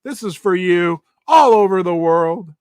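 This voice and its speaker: A middle-aged man hosting a livestream in a casual chat style, reading viewers' names and places aloud in quick, animated bursts. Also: high voice, a little hiss or hum. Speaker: livestream host.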